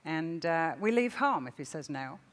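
An older woman giving a sermon, telling stories with warmth and laughter. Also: low voice, lively intonation, moderate pace. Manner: storytelling with laughter. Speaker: speaker. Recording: long reverb of a hall.

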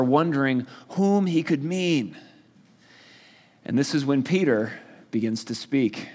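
In a large hall, a male pastor with a mid-range voice delivers a sermon as conversational Bible teaching. He tells it casually, like a story, with playful asides.

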